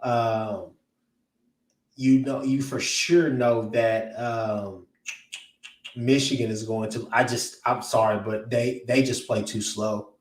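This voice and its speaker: A man's voice: mid-range voice, steady tone, slow. A man giving blunt, rambling opinions in casual sports talk, often restarting his sentences. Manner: blunt, rambling, with many restarts and filler words. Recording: roomy echo, distant from the mic.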